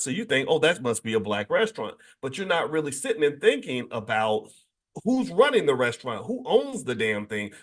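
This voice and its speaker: A man hosting a daily morning show, talking in an emphatic, animated monologue full of restarts and repeated words. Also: on the high side. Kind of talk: casual monologue commentary.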